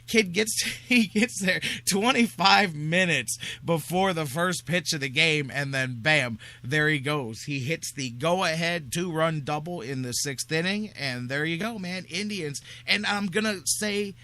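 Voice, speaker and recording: A man hosting a sports talk radio show, talking in an energetic, rambling, excitable way. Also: a little high, unhurried, few pauses, no echo.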